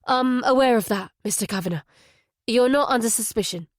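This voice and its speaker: For an audiobook, a woman with a fairly high, natural voice plays a male detective inspector, speaking briskly in a firm, urgent manner that stays polite but insistent. The studio recording is clean, with no room sound.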